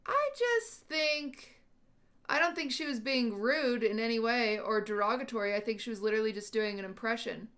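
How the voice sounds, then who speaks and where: Bright-voiced woman streamer musing aloud. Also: a little high, quick pace, hardly any pauses. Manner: thinking aloud, questioning, unsure. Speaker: livestream host. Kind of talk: casual chat with live chat.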